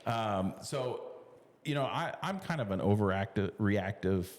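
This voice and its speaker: A middle-aged man co-hosts a podcast in casual conversation, his fairly low voice lively in intonation and a little slow. He talks in loose restarts, with plenty of fillers and easy laughs, and a long reverb tail follows his words.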